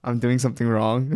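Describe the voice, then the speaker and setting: A man in a casual talk, soft-spoken and hesitant, describing himself as shy and timid. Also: medium pitch, clear, resonant tone. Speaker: co-host. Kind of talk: casual chat.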